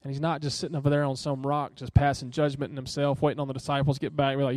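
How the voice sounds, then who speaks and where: A man's voice: mid-range voice, level tone, rapid-fire, hardly any pauses, a little mellow, no echo, clean studio sound. A young man preaching a sermon in an earnest, conversational way, asking listeners direct questions.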